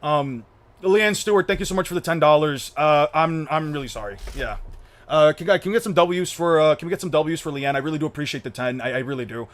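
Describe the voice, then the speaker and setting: A young man with a notably high voice streams live to his chat. He swears freely, repeats himself, and stumbles through restarts as he talks. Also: brisk. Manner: profane, repetitive, stumbling restarts. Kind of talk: livestream chat.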